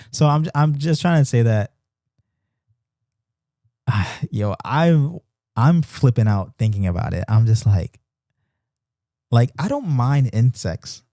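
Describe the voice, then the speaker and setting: Animated man telling a story. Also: medium pitch, takes it slowly, long pauses, no room sound, clean studio sound. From Baltimore. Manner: animated storyteller, loose slang, many restarts. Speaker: host of a Bible reading stream. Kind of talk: casual storytelling chat. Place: apartment in Japan.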